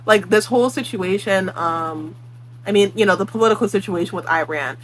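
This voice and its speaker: A woman's voice: medium pitch, a little fast, slight background noise, low-quality recording. A woman book vlogger ranting her opinions in casual talk, blunt and exasperated, swearing freely. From Puerto Rican.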